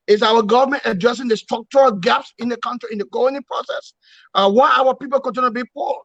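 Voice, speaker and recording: A man's voice: very high-pitched, fast talker, a bit bright, no echo. A man leading an opposition movement, speaking in an interview with emphatic, repetitive oratory and rhetorical questions. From Liberia. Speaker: opposition movement leader, guest. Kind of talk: political interview. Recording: dull, dry lo-fi sound.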